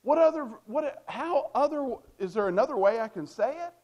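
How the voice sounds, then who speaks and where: A man's voice: extremely high pitch, animated, moderate pace, darkish tone. A man preaching a sermon, emphatic and repetitive, asking rhetorical questions and stressing key phrases.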